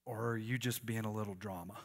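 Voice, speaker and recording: A man's voice: on the low side, steady tone, quick pace. A man preaching a sermon, conversational and joking and calling on the congregation to respond. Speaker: pastor.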